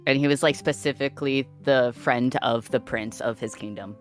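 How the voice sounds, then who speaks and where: A woman's voice: rumbling low, moderate pace, soft background music. A woman chatting as a guest on a streamed talk show, eager and talkative, laughing easily. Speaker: podcast guest.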